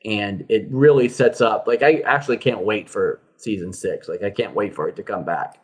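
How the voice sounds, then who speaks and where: A man's voice: fairly low pitch, moderate pace. Rambling man chatting on a podcast. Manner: rambling, many fillers and restarts. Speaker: podcast co-host. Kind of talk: casual chat.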